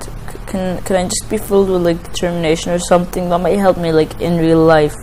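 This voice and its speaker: A woman's voice: lowish voice, flat delivery, fairly quick, hardly any pauses, a little mellow, slight background noise, poor audio. A woman giving casual let's-play commentary on a story game, emotional, often pleading and exclaiming. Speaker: gamer playing a story game.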